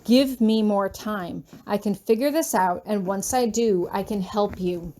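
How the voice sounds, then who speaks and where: A woman reading aloud the lines of a stern male professor, speaking low, cold and clipped, in an amateur audiobook of fan fiction. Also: measured pace, dark tone, natural voice. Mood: low, dangerous.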